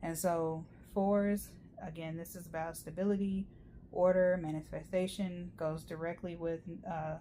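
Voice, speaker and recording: Woman, low voice, tarot reading, rambling and chatty, faint hiss behind. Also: level tone, a little slow, warm tone. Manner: rambling and chatty, many fillers and asides. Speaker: tarot reader. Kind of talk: casual tarot reading monologue.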